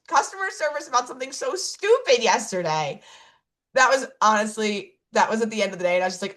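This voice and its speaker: A woman's voice: high-pitched, lively intonation, a little fast, bright, forceful tone. A woman co-hosting a casual podcast, telling a story about her own week. She rambles along with plenty of fillers and restarts, and pokes fun at herself as she goes. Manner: rambling storytelling with many fillers and self-corrections; laughs at herself while telling stories. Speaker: podcast co-host. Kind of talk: casual chat.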